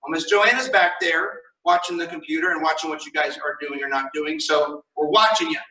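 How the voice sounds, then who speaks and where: A young man teaching a martial arts class online, firmly giving orders and counting warm-up drills aloud. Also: fairly high pitch, big pitch swings, brisk. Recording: echoey room, mic far off.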